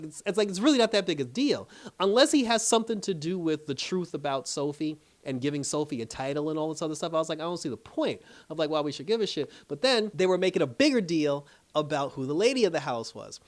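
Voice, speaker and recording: A man's voice: a little high, big pitch swings, quick pace. A man casually recapping a drama episode. He swears freely, laughs often and acts out the characters' lines in playful voices. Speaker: TV show reviewer.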